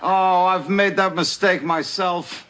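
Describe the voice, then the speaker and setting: A man acting a wry sitcom father in a 1980s show, with dry, deadpan quips. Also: high-pitched, slow pace, some chatter behind. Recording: noisy TV audio.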